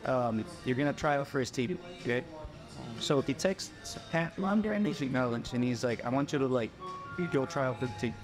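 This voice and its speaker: Speaking over music, a young Filipino podcast guest shares a personal story with casual energy, voicing the people he quotes. His pitch is medium and his pace moderate.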